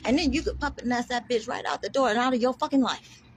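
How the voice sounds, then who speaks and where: A woman's voice: fairly high pitch, fast, a little hiss or hum. A woman delivering a defiant, profane rant to camera, combative and emphatic, repeating words for force. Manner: combative, heavy swearing, defiant.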